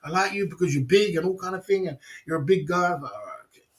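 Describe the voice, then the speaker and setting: A livestream host with a high voice talks rapid-fire, telling rambling stories between laughs in casual chat. He also reads viewer comments aloud.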